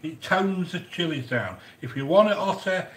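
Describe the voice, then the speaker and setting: In an echoey room, a man with a slightly high, animated, somewhat bright voice reads viewer comments on his cooking channel at a moderate pace. It's casual live-stream chat, effusive and repetitive, packed with fillers.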